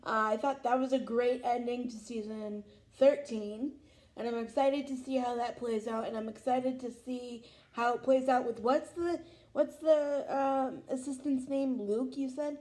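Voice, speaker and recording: A woman's voice: on the high side, steady tone, measured pace, darkish tone. A young woman hosting a vlog, chatting about a show as an emotional, gushing fan. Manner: gushing, emotional, lots of "oh my God". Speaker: vlog host. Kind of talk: casual fan reaction chat.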